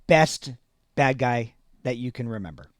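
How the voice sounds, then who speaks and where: A man's voice: mid-range voice, lively intonation, unhurried, dry recording, studio quality. A man hosting a livestream interview, asking curious, friendly questions. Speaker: host.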